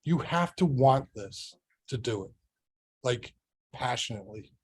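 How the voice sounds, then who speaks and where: A middle-aged man leads a motivational business training session for sales agents. He talks casually and keeps checking in with "right?" and other rhetorical questions. His pitch sits right in the everyday male middle. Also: lively intonation, normal speed, breathy edge. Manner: conversational, full of rhetorical questions. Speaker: real estate sales trainer.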